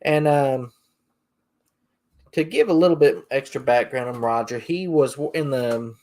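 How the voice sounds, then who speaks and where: A podcast host with a mid-range, darkish voice tells a story in a rambling, folksy, casual way, speaking a little slowly.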